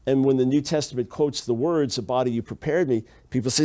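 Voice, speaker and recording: With a warm, medium-pitched voice and a fairly quick pace, a man teaches on the Bible and reads Hebrew passages aloud. He stresses his arguments emphatically, returning again and again to key phrases.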